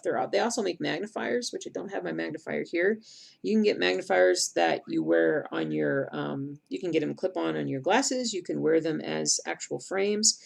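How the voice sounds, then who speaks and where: A woman's voice: low-pitched, gravelly. A middle-aged woman chatting casually on a live stream, rambling and answering viewer comments aloud as she works. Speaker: cross-stitch streamer.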